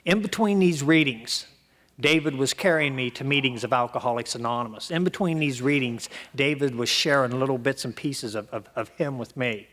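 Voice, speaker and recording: Man from Ohio, middle-aged, recovery speaker, animated storytelling, acts out dialogue, middle pitch. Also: normal speed. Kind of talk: storytelling talk to an audience.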